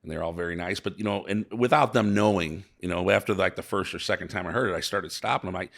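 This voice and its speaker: Gravelly low-voiced St. man. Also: a bit bright. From St. Louis, USA. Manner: halting, repeats words, emotional and earnest. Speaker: business owner guest. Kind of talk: casual interview.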